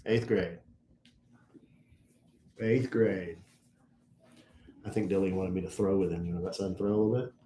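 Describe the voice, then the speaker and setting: With a low-sitting voice, normal speed, and long pauses, a middle-aged man co-hosts a podcast with his son. Their chat is casual and joking, and he stays lively throughout, recorded in an echoey room with faint noise.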